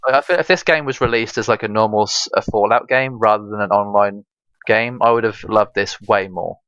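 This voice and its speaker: Male co-host, lowish voice, dry lo-fi recording, laid-back and hedging. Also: steady tone, fairly quick, fairly bright tone, clear, resonant tone, no echo. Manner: hedging, laughs a lot, thinks aloud. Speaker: podcast co-host. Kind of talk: casual gaming chat. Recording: dry, dull lo-fi mic.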